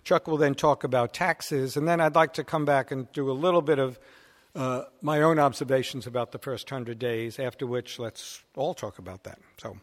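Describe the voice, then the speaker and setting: Male moderator, mid-pitched, hesitant, filler-heavy, echoing hall. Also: moderate pace. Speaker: event moderator. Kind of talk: introducing speakers at an event. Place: indoor hall. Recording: long hall reverb.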